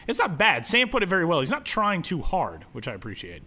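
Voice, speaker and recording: A man's voice: high voice, wildly swooping pitch, brisk, bright, forceful tone. A man hosting a baseball podcast, chatting casually and laughing often. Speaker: podcast host.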